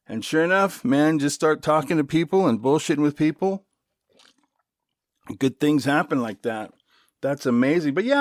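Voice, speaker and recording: A middle-aged man hosts his own podcast, spinning a loose, chatty story full of swearing and asides. His voice sits fairly high, and the studio-quality recording has no echo.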